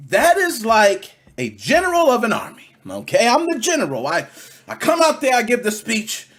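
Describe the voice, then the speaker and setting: Man, gaming podcast host, rants then mutters, swears, AAVE speech, high voice, swooping pitch. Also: normal speed. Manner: animated, ranting, swears freely, swings from loud to muttering. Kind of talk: solo gaming podcast rant.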